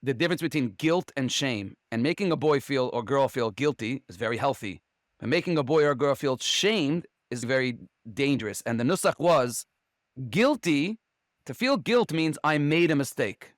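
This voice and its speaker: Quick, probing male podcast host. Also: medium pitch, animated, no echo, clean studio sound. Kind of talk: podcast discussion.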